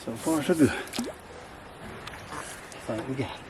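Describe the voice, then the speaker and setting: A man's voice: medium pitch, measured pace, noisy background. A man, talking casually and rambling in a folksy, self-deprecating way to a camera set up outdoors by a swampy creek, out of breath as he pushes a boat across. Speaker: outdoors vlogger. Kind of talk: casual outdoor vlog chat. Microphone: camera set up nearby.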